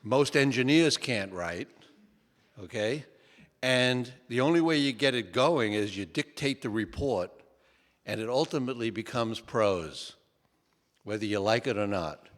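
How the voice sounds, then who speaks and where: A man's voice: medium pitch, animated, unhurried. An older man, an author, tells folksy stories to an audience, often restarting and tossing in "okay?" as he goes. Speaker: author speaking at a book talk. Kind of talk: relaxed anecdotal talk to an audience. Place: lecture hall. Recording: long hall reverb.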